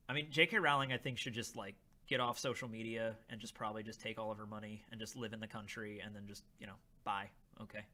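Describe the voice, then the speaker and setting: A young man hosting a casual charity livestream, reading chat aloud and trying snacks with a rambling, animated manner. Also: on the low side, a little fast. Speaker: livestream host.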